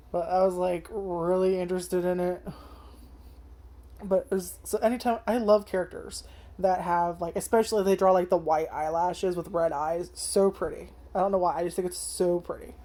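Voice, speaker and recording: With a low, dark voice, a young anime reviewer gives her chatty first impressions of a series' opening episode. She curses freely and leans heavily on fillers like "like" and "um."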